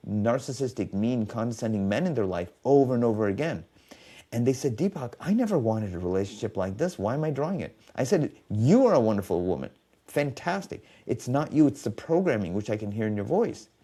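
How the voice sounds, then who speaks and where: A man's voice: medium pitch, mellow. A man telling stories in a podcast conversation as a biofeedback specialist, acting out quoted dialogue.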